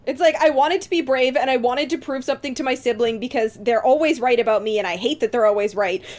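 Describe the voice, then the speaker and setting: A woman's voice: high-pitched, fast, a little mellow. A young woman co-hosting a casual podcast, reacting with enthusiasm and jokes. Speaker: podcast co-host.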